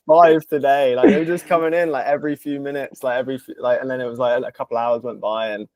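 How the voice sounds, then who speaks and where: A man's voice: mid-range voice, steady tone, fast, over a noisy crowd. A man hosting a casual interview, laid-back and peppering his speech with "like" and "mate". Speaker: podcast host, business coach.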